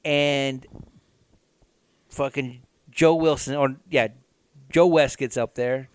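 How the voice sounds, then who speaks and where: A man's voice: mid-range voice, fairly even intonation, takes it slowly, clean tone, dry recording. A man co-hosting a podcast, telling a story in a casual, profane, joking way. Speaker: podcast co-host. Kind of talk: casual chat.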